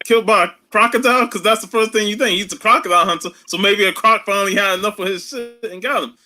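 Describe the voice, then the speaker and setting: A man's voice: sits high, quick pace, sharp tone. A man in a casual chat, recalling things in a laid-back, slangy way. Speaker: podcast co-host.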